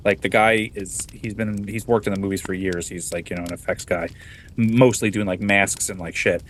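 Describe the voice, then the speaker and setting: Podcast host, man in his forties, relaxed storyteller who backs up his co-host. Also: fairly low pitch, brisk, slight background noise. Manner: relaxed, laughing storyteller with frequent "yep" backchannel. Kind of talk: casual chat.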